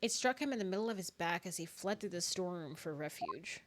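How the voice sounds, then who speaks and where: A woman reading aloud the part of a remorseful man confessing a crime, in a measured, lightly dramatic reading voice. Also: fairly low pitch, lively intonation, noisy background, close to an everyday voice. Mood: solemn. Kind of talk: reading game text aloud. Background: game music.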